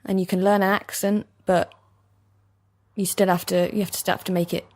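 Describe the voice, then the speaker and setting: A young woman with a soft East London accent, an actor chatting in an interview, laughing easily and self-deprecating. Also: medium pitch, flat delivery, brisk. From East London, England. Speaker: actor guest. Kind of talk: casual interview chat. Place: basement recording studio.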